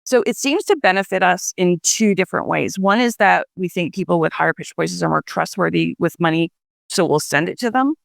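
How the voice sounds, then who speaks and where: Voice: mid-range voice, lively intonation, brisk, gravelly, a bit bright, dry recording, clean studio sound. A guest explaining voice research in a radio interview, talking it through with fillers and restarts.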